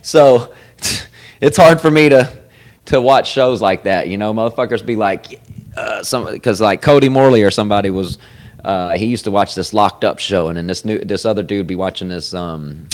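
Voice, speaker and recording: Male podcast host, low-pitched, loose profane rambling talk. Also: normal speed. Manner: profane, rambling, swings loud with sudden laughs. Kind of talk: casual chat. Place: comedy club.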